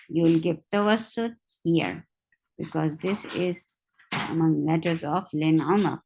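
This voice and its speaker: A woman teaching Quran recitation, sounding out each word slowly and repeating it several times. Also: sits low, vocal fry, darkish tone, rough recording. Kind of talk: slow tajweed lesson with drilled repetitions.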